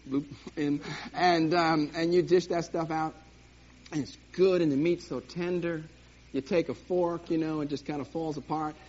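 Animated man teaching a church class. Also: fairly high pitch. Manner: animated, jokey, acts out little scenes. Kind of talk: lively church teaching talk. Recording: dull lo-fi recording, faint hiss.

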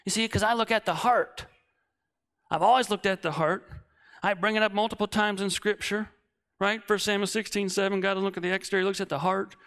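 Man, late thirties, preacher, sermon storytelling, animated, bright. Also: high voice, a little fast, clear, resonant tone. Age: 30s. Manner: animated, swinging from shouting to hushed.

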